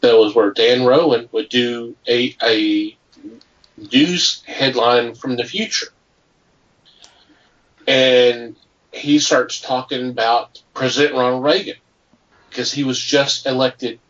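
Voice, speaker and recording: A man co-hosting a podcast, telling rambling stories in casual chat and getting animated at the punchlines. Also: medium pitch, recorded from a distance. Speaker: podcast co-host. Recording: muffled, from off the mic.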